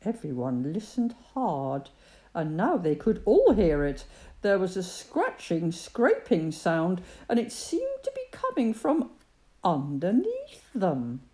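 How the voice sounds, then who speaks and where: A woman reading a children's story aloud in an expressive, sing-song way. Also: on the low side, slow pace.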